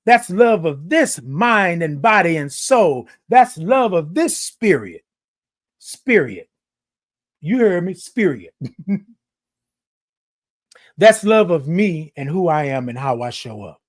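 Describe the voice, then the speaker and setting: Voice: medium pitch, expressive, slow. A livestream host talking straight to viewers in a passionate, emphatic way, raising the voice and repeating lines like a sermon. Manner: passionate, emphatic, raises voice, preachy repetitions. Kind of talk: animated live-stream talk to viewers.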